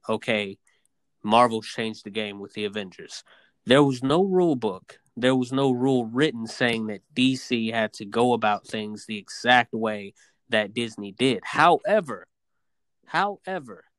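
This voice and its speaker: A man co-hosts a casual podcast debate with an animated, emphatic delivery. He often restarts and repeats his words before pushing his point. His voice sits mid pitch for a man, recorded dry and close. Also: a little slow, no echo. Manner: animated, emphatic, repeats himself when starting. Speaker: podcast co-host.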